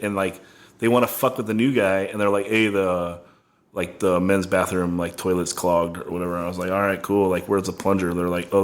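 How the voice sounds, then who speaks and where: A man with a low voice hosts a casual podcast. He is laid-back and jokey, swears as easily as he laughs, and asks his guests to tell their stories. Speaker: podcast host. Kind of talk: casual chat.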